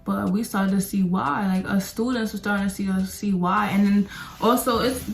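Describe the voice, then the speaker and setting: A young woman tells a storytime while doing her makeup. She rants and rambles, jumping from point to point in a casual, animated way. Her mid-range voice bounces around an echoey room. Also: mid-range voice, normal speed, vocal fry, soft background music. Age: young adult. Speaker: beauty vlogger.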